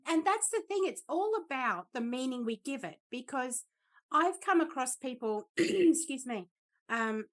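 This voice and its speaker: A woman's voice: sits high, animated, measured pace. A woman from the Northern Territory, chatting casually as co-host and laughing often. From Australia, Northern Territory. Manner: bubbly, laughs often, says mate. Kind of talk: casual chat.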